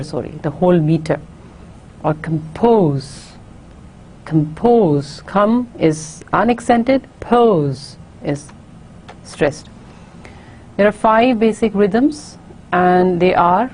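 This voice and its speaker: A woman giving a recorded university lecture, explaining carefully and often pausing on fillers and restarts. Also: fairly low pitch, a little mellow, slight background noise.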